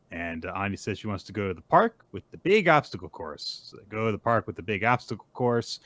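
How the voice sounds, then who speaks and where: A man co-hosting a casual manga recap, retelling chapters in an animated way. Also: fairly low pitch, no echo. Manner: animated retelling with quick voiced asides. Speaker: podcast co-host.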